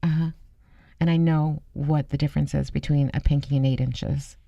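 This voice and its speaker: A woman co-hosts a casual radio chat, telling stories with animation and frequent laughter. Her voice sits on the low side. The studio sound is dry and close. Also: fairly even intonation, moderate pace, creaky, warm tone, dry recording, dull audio. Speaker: radio show co-host.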